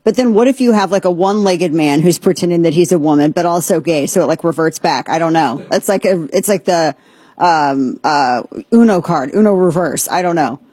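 A woman's voice: lowish voice, fairly quick, breathy edge, dry recording. A woman hosting a radio talk show, rambling and joking through opinionated chat in a studio. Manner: rambling, joking, animated asides. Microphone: studio mic.

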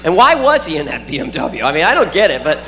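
A man's voice: a little high, big pitch swings, fast, fairly bright tone, a little hiss or hum. A man doing a stand-up routine, rambling and riffing in an incredulous way. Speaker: stand-up comedian. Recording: live club, hall reverb, crowd laughter.

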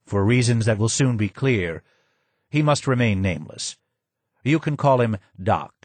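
A man's voice: medium pitch, animated, unhurried, no room sound. Polite, formal male guide, as the narrator reads him; audiobook part.

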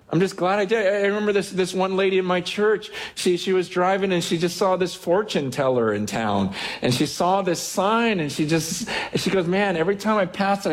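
A man preaching a sermon as a pastor, casual and animated, acting out quotes and restarting his sentences often. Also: sits high. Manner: conversational, animated, with many restarts and acted-out quotes.

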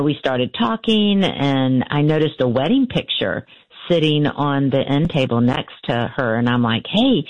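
A woman's voice: very deep voice, a little mellow, dry recording. Woman telling a family story, dry lo-fi sound. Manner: halting, many fillers and restarts. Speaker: interview guest. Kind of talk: storytelling in conversation.

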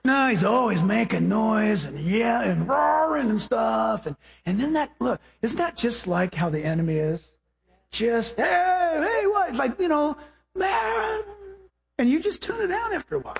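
A man preaching a sermon as pastor, animated and conversational, telling stories. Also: high voice, moderate pace, creaky, big-room sound.

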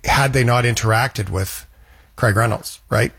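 Husky man hosting a casual chat. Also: medium pitch, measured pace, fairly bright tone. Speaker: host.

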